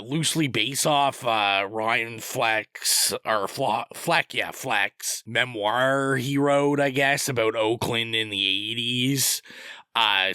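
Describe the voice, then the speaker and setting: Bright-voiced man chatting about movies. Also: medium pitch, clean tone, no room sound. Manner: opinionated, rambling recommendations. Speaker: podcast co-host. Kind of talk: casual movie chat.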